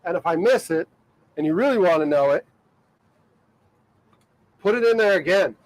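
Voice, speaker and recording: A man's voice: sits high, animated, normal speed, no room sound, rough recording. A man from Ohio chatting casually to viewers of his live stream from a boat out on the water. He rambles, leans on "like" and fillers, and laughs often. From Ohio, USA. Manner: rambling, filler-heavy talk with many "like"s and frequent laughter. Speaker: livestreaming boat vlogger.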